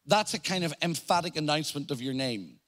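A man with an Irish accent preaching a sermon, explaining scripture in a deliberate teaching manner and giving quoted lines strong emphasis. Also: on the high side, lively intonation, a bit bright. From Ireland.

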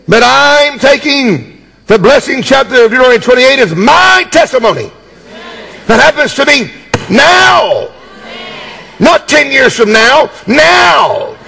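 A man's voice: very high voice, vocal fry, pushed and bright, in a large hall. A man preaching a sermon as pastor, emphatic and jokey, repeating key words and calling for responses.

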